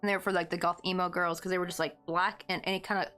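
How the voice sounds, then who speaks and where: A woman's voice: fairly low pitch, level tone, racing, pushed and bright, faint music behind. A woman in her thirties hosting a crochet livestream, chatting casually in a rambling way with lots of fillers and easy laughs.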